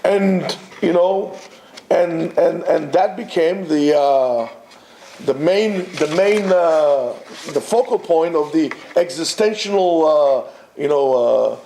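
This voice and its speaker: A man teaching a Torah class to students, animated and full of rhetorical questions and restarts. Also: fairly high pitch, takes it slowly, vocal fry, roomy sound, a little hiss or hum. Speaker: yeshiva teacher.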